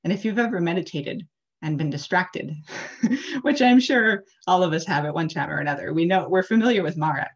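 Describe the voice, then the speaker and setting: Low-voiced woman, chatty sermon storytelling. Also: animated, brisk. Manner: casual, chatty, many "like" and "uh" fillers. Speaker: interfaith leader. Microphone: video call. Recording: dull lo-fi video call audio.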